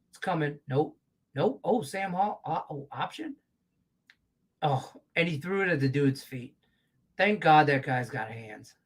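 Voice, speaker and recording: A man hosting a live betting show, ranting profanely about the game on screen. His voice sits a bit high for a man, and he swings from loud outbursts down to low grumbles. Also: takes it slowly, long pauses. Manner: profane, excitable, rants then mutters low. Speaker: sports betting show host.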